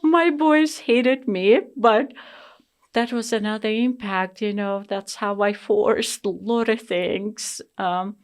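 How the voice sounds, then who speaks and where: A middle-aged woman from Russia with a Russian accent, speaking in an interview in an earnest, emphatic way with halting fillers and restarts. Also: mid-range voice, clean tone. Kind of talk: personal interview storytelling.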